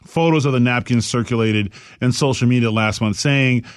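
A man's voice: medium pitch, moderate pace, dry recording, studio quality. A man hosting a comic talk show, sarcastic, riffing and slipping into mock voices. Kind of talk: comic panel banter.

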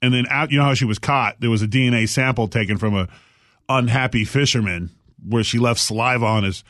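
Sarcastic guy hosting a comedy panel, riffs fast, dry close sound. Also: mid-range voice, fairly bright tone, dry recording. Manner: sarcastic, jumps into mock voices. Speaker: talk show host. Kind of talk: comic panel banter.

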